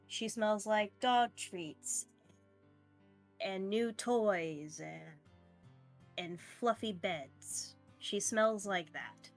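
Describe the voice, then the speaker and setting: A woman narrating as game master of a tabletop game, meandering with frequent fillers and easy laughter. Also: mid-range voice.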